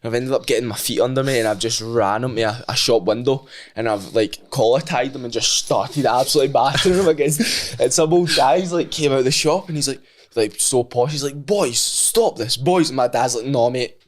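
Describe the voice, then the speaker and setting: A man's voice: medium pitch, brisk. A young Scottish man, a podcast guest, telling a story in casual chat, swearing and acting out the dialogue. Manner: swearing, laughing storyteller who acts out the dialogue.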